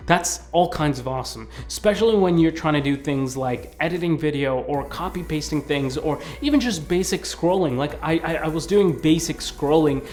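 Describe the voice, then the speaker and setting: A man giving a casual video review of a tablet. He talks in a chatty, excitable way and fills his sentences with "like". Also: fairly high pitch. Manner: chatty and excitable, leans heavily on "like". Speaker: tech reviewer.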